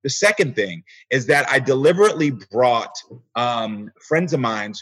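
A man's voice: medium pitch, lively intonation, moderate pace, a bit bright, slightly rough. A man talking earnestly as a guest in a casual interview, acting out the exchanges he recounts. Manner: earnest storyteller, acts out quoted exchanges.

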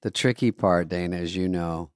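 Man, co-host, low-pitched, wry sarcastic anecdotes, imitates the people he quotes, dry close mic. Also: moderate pace, clean tone, no echo. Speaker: podcast co-host. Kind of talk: casual chat and host-read ad.

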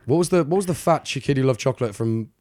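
A man's voice: mid-range voice, lively intonation, quick pace, darkish tone, no echo, clean studio sound. A man co-hosting a true-crime podcast, telling the story in a chatty, laughing way with lots of fillers. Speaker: podcast co-host.

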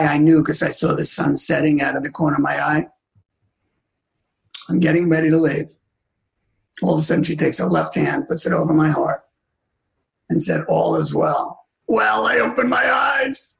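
An older man, a guest on a talk show, telling an emotional personal story in an intimate way, often dropping to a hushed, tearful half-whisper. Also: on the high side, creaky, low-quality recording. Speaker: podcast guest, music agent.

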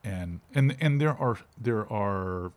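A middle-aged man, a fishing instructor talking in a casual interview with animated, shifting inflection. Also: on the low side, slow.

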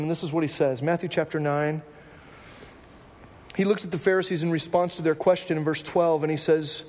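A man preaching a sermon as pastor in a conversational way, dropping to hushed lines and rising to raised ones. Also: high voice. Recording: long hall reverb.

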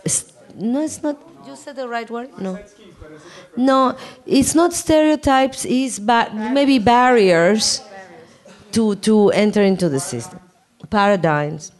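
Animated woman telling a story. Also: fairly high pitch, takes it slowly. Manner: animated, laughing, acts out quoted dialogue. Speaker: guest answering questions. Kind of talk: casual storytelling and Q&A.

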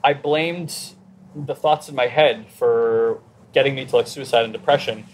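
A man in a casual conversation, telling a personal story in an animated way and acting out his inner dialogue. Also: medium pitch, normal speed, a little hiss or hum.

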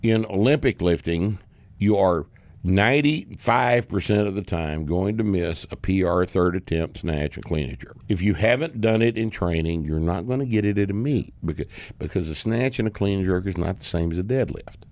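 A man's voice: low-pitched, normal speed, dry recording. A man hosting a podcast, chatting casually, swearing freely and laughing as he tells stories and answers listener questions. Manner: profane, laughing, animated storyteller. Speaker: podcast host.

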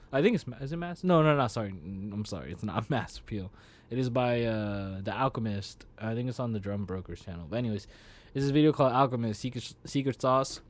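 A young man co-hosting a podcast in casual, slangy chat, laughing often and swearing freely. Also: medium pitch. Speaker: podcast co-host.

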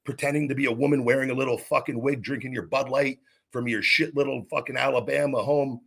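A man's voice: medium pitch, fairly even intonation, quick pace, gravelly, a bit bright, slightly rough. Man, podcast host, angry profane rant, stumbling restarts, mid-range voice. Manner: heated, profane ranting with repeated restarts. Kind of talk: podcast monologue.

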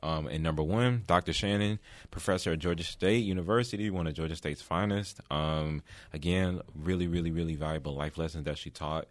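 A man's voice: sits low, brisk, few pauses, no echo. A man co-hosting a podcast in casual chat, laid-back and full of fillers like "um" and "you know". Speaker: podcast co-host.

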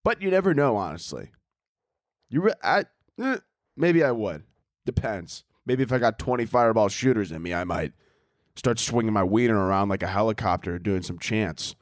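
A man's voice: fairly low pitch, animated, moderate pace, dry recording, studio quality. A man hosting a solo comedy podcast, rambling crudely and joking with frequent restarts. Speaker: podcast host.

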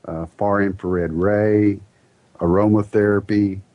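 A man being interviewed as a company owner on a talk show, relaxed with some fillers. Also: lowish voice, takes it slowly, no echo, narrow, tinny audio. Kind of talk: casual interview. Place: studio.

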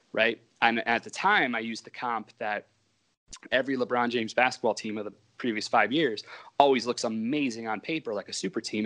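A man's voice: mid-range voice, a bit bright. A comic book writer, a man, telling stories in a casual interview and rambling and interrupting himself as he talks.

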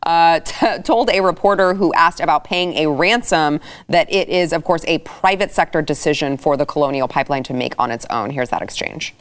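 A woman's voice: low voice, brisk, few pauses, clear, resonant tone. A woman hosting a political talk show, speaking in a wry, sarcastic way and putting on mocking voices. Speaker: podcast host.

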